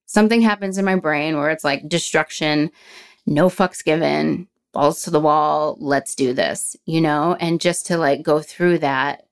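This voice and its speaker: Blunt, frank woman with a smooth, low voice. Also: unhurried. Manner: blunt and frank, swears, laughs at herself. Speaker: guest sharing a recovery story. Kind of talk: candid personal storytelling.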